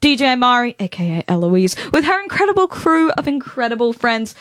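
A woman's voice: fairly high pitch, a little fast, no echo. A young woman hosting a community radio show, chatting playfully and laughing often with her friends in the studio. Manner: giggly, playful and animated. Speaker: radio host. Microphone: studio microphone.

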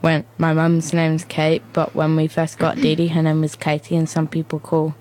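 Low-voiced soft-spoken young girl. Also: completely flat delivery, normal speed, poor audio.

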